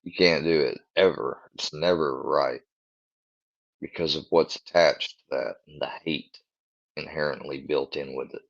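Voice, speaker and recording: A man speaks in a very low, gravelly voice, talking slowly and in a halting way as he hunts for words. This is a casual live stream from home. The audio is dull and lo-fi. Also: fairly even intonation, no room sound.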